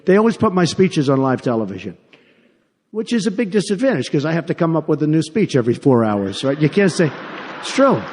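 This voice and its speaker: Older man giving a booming rally speech. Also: very animated, quick pace, a little mellow, slight background noise. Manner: rambling, repetitive, mocking asides. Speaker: political candidate at a rally. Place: large arena with a crowd. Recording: long hall reverb from a PA.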